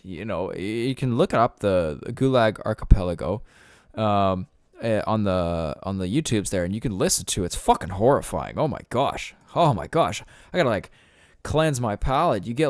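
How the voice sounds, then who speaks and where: A man's voice: fairly low pitch, animated, moderate pace, no room sound, clean studio sound. A young man hosting a solo podcast, ranting in a profane, rambling way with lots of fillers. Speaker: podcast host. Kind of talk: casual solo podcast rant.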